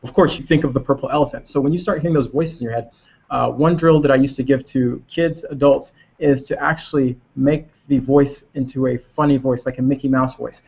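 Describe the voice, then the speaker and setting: Gravelly-voiced male tennis coach. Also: mid-range voice, steady tone, a little mellow. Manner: explains step by step, pausing to find words. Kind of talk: casual webinar discussion. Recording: muffled lo-fi webinar audio.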